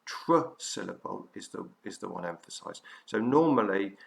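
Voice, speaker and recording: A male teacher giving a recorded revision lesson, explaining patiently and haltingly with frequent fillers. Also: deep voice, lively intonation, vocal fry.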